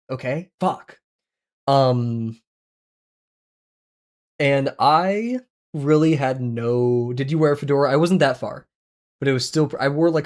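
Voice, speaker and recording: Drawing on stream, a young man makes casual, rambling conversation with his viewers and pokes fun at himself. His voice is mid-range with a darkish tone.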